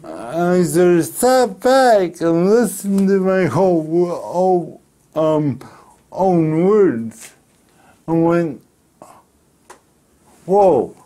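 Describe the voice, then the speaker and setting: A middle-aged man from Canada, telling a personal story in an interview, speaking slowly and deliberately with pauses. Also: high-pitched, expressive, warm tone. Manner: slow, deliberate speech with pauses and restarts. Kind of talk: reflective storytelling.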